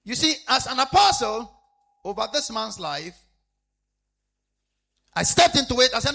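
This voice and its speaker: A man preaching with a high, lively voice. His tone is bright and husky, and he repeats his phrases. He swings between shouted emphasis and low, quiet asides. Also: measured pace, long pauses. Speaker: apostle preaching. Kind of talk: sermon.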